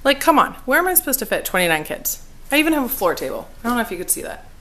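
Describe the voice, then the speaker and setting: A woman's voice: fairly high pitch, sing-song, very fast, background noise. A young adult woman who is a teacher, talking casually to camera in a vlog, chatty and upbeat, sometimes worn out. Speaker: elementary school teacher.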